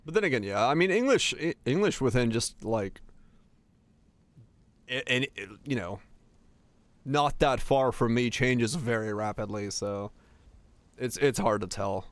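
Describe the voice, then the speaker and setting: A man's voice: mid-range voice, animated, unhurried, pauses often, no room sound. Man rambling casually on stream. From Finland. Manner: rambling, many restarts and fillers, chuckling. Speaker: game streamer. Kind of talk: casual chat while streaming, answering chat.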